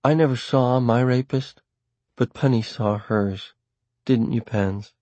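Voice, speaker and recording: A man's voice: medium pitch, slow, mellow, dry recording, muffled recording, lightly acted. A man reading an audiobook voices an earnest young woman who pleads in an urgent, coaxing way. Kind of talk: audiobook character voice.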